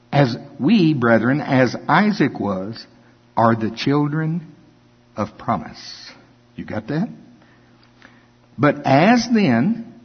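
An older man preaching a sermon, reading scripture and breaking into animated, folksy asides. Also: mid-range voice, slightly rough. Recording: dull lo-fi with long hall reverb.

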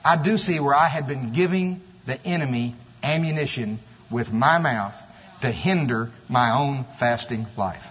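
A man preaching a sermon, animated and storytelling, with exclamations and asides. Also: mid-range voice, measured pace, slightly rough. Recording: echoey hall, dull sound.

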